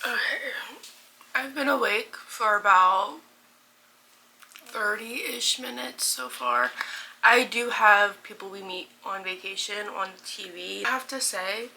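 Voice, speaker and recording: A woman's voice: medium pitch, takes it slowly, gravelly, bright, forceful tone, low-quality recording. A woman in her twenties talking casually in a reading vlog, chatty and gushing with many fillers. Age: 20s. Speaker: book vlogger.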